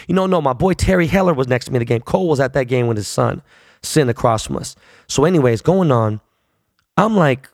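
A man's voice: medium pitch, very animated, a little fast, vocal fry, a little mellow, no echo, studio quality. A man in his forties telling a long, profane story in a casual, rambling way, full of fillers. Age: 40s.

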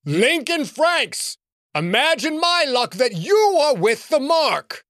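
Man putting on a vengeful sky sorcerer, shouting, pompous, menacing, dry close sound. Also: very high-pitched, very animated, takes it slowly, no echo, voice pushed up, heavily acted. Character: fat robed male sky sorcerer, vengeful, booming.

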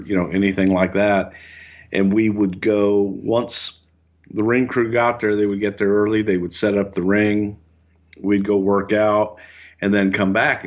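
An older man co-hosting a podcast, telling relaxed stories, chuckling often and acting out quotes. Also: on the low side, muffled recording. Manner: relaxed, chuckling storyteller who acts out quotes. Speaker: podcast co-host and former wrestling executive. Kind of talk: anecdotal storytelling.

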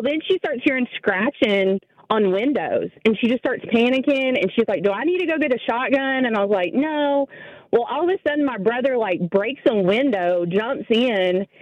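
A woman from Tennessee calling in to tell a story in a casual, animated way. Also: on the high side, no room sound, muffled recording. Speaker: caller.

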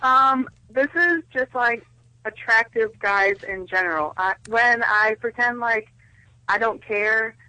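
A woman calling in to a radio talk show, heard over a phone line. She speaks slowly and haltingly. Her voice is bright and dry. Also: a little high, clean tone, dry recording. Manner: hesitant, halting. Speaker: caller. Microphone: telephone.

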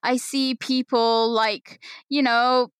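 High-voiced young woman with London accent. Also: slow pace, clear, resonant tone, dry recording. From England. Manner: animated storytelling, laughs often. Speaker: podcast guest. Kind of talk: casual chat.

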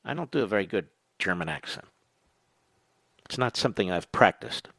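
A man's voice: fairly low pitch, expressive, moderate pace, creaky, a bit bright, dry recording. A man hosting a talk radio show, delivering a combative, sarcastic political monologue that rambles from point to point.

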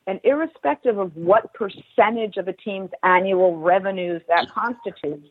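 A middle-aged woman, a former football team executive, speaking as a podcast guest in a measured, emphatic way with precise wording. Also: medium pitch, breathy edge. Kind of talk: podcast conversation. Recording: tinny phone-like line.

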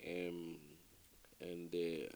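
A man with a Nigerian accent talks through an interview in a loose, rambling way, full of fillers and restarts. His voice is mellow and dark. He sounds relaxed. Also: low-pitched, extremely slow, gravelly. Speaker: musician guest. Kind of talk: casual interview chat.

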